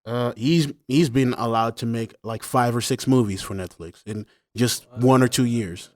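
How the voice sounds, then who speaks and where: A man's voice: mid-range voice, normal speed, darkish tone, no echo, studio quality. A man co-hosting a podcast in casual chat, rambling and losing track of names. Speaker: podcast co-host.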